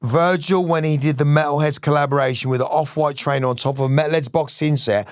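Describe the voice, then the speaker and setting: A man's voice: on the high side, steady tone, fast, clean tone, no room sound, studio quality. Sweary middle-aged man. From West Midlands, England. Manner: swearing, rambling, passionate. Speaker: musician guest. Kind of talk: casual interview chat.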